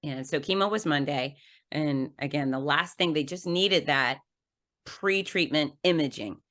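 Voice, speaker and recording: A woman with a deep, low-pitched voice speaks as a podcast guest. She tells her story vividly, acting out the scenes and laughing at herself along the way. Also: measured pace. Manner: animated storyteller who acts out scenes with laughs. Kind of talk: conversational storytelling.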